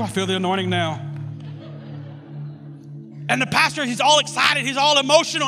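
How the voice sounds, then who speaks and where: A man preaching a sermon, telling a story with lively swings into shouting. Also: extremely high pitch, a little fast, vocal fry, pauses often. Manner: animated storytelling, bursts into shouts. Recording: long hall reverb with loud music.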